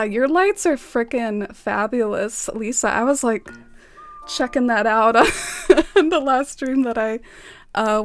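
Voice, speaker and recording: A young woman streaming a game, chatting bubbly and giggly with her viewers, full of "like". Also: a little high. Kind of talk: casual live-stream chat.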